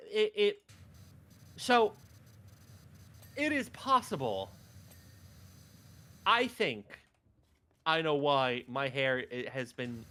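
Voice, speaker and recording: A man's voice: mid-range voice, sharp tone. A middle-aged male streamer chatting casually, rambling between fits of laughter. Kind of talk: casual chat.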